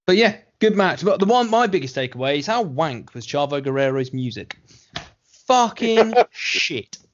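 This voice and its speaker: A man co-hosting a casual podcast review, talking in a measured, musing way with hedges. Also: a little high, animated, muffled recording. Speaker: podcast co-host.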